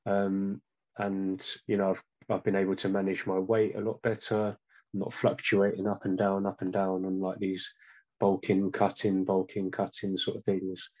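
A man being interviewed about his training, talking casually and hesitantly with many pauses and restarts. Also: sits low, completely flat delivery, darkish tone, dull audio. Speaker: guest.

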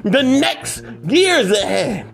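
High-voiced preacher man, slow and emphatic. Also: sing-song, creaky. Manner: emphatic, repetitive, rising to shouts. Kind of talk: motivational sermon.

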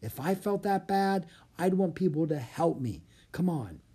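A reader voicing a bold, eager young girl in a storybook, with a bright, chirpy and pleading delivery. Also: medium pitch, expressive, measured pace, breathy edge, pitched above the performer's own voice. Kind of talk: audiobook character voice.

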